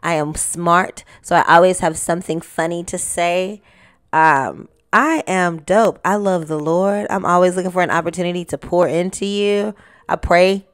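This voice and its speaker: A young woman hosting her own podcast, talking straight to the listener in an animated, casual way and now and then singing a line. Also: fairly low pitch, normal speed, clean tone. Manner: animated, talks to listener directly, sings snippets. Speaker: podcast host. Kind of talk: casual solo podcast talk.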